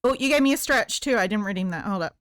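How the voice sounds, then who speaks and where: A woman's voice: medium pitch, lively intonation, fast talker, very noisy. A woman chatting casually on a live stream while she crochets, playful and reading chat aloud.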